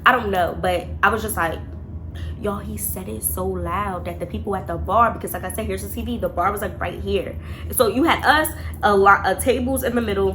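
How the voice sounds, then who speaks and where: A young woman vlogger telling a dating story in casual chat, animated and profane, talking to her viewers as y'all. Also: medium pitch, brisk, background noise.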